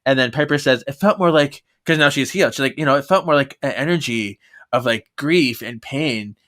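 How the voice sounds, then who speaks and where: A man's voice: medium pitch, fairly quick, a bit bright. A man co-hosting a podcast, summarizing a book chapter by chapter with frequent laughter. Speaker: podcast co-host. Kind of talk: casual book-recap chat.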